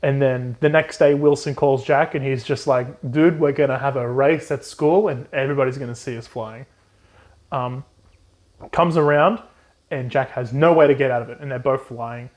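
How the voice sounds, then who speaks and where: A young man co-hosting a casual book recap, swearing freely and quickly acting out the characters in put-on voices. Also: medium pitch, steady tone. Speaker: podcast co-host.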